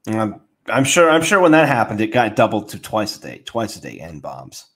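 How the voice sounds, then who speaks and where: A man's voice: lowish voice, huge pitch swings, normal speed, a bit bright, husky. An American man co-hosting a podcast who explains things bluntly and casually, with some profanity. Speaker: podcast co-host. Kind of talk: casual chat.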